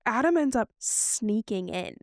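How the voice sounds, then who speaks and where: A woman's voice: fairly high pitch, unhurried, no echo, studio quality. A woman co-hosting a podcast, telling a personal story in casual chat and acting out what others said to her. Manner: animated, acts out what others said. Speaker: podcast co-host.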